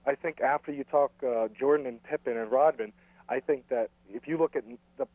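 A man calling in to a radio show as an eager fan, chatty and quick with his questions. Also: mid-range voice, no echo. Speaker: caller. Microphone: telephone. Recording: thin phone line.

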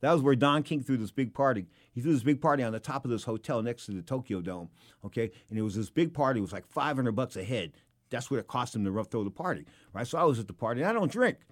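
Male boxing host, rapid rambling monologue, casual and animated. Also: mid-range voice. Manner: rambling, animated, with many restarts and asides. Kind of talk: casual talk show monologue.

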